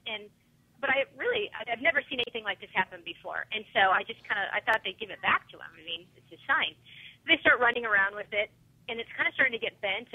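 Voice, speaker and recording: A woman calling in to a radio interview, telling an upsetting story in an animated, agitated way with many fillers. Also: fairly high pitch, slightly rough. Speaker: guest caller, parent of a fan. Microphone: telephone. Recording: tinny phone line.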